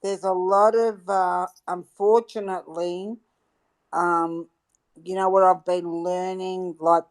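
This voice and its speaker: A woman speaking up in an online audio chat room, talking in an earnest, hesitant way with fillers, over a phone mic. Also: medium pitch. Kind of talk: casual chat.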